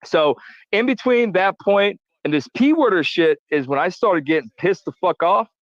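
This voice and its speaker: A high-voiced man speaks as a guest, telling his story with lots of swearing, repeated words and quotes of his own earlier remarks. His voice sounds dull and lo-fi, in a dry, close recording with no room sound. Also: expressive, moderate pace, no room sound. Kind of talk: heated profane storytelling.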